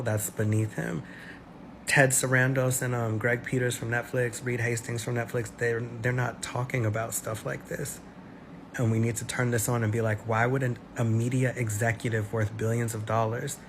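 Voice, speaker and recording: A man giving an earnest, questioning commentary, speaking with many fillers. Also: mid-range voice. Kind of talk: commentary video. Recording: steady background noise.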